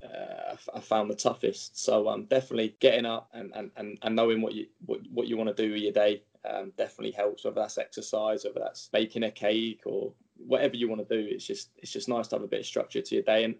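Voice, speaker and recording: A man answers interview questions as a footballer, often restarting his sentences. His voice has a gravelly edge. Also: on the low side, darkish tone. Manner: halting, many restarts and fillers.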